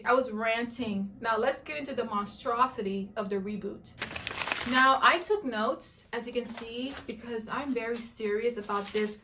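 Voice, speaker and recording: A woman's voice: fairly high pitch, moderate pace, background noise. A woman with a slightly raised voice, talking as a video reviewer. She rants in a dramatic, emphatic way and hammers her points by saying them again and again. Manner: dramatic, emphatic, repeats herself for effect. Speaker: YouTube reviewer. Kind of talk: animated rant and review.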